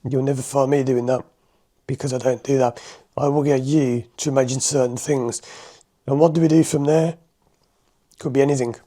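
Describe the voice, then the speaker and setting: A man talks to the viewer about his therapy sessions, chatting loosely and laughing now and then. His voice is mellow and warm, sitting at an ordinary pitch for a man. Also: fairly even intonation, moderate pace, long pauses. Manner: chatty, conversational, laughs often. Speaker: hypnotherapist and driving instructor. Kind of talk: explaining to viewers to camera. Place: a room in his home.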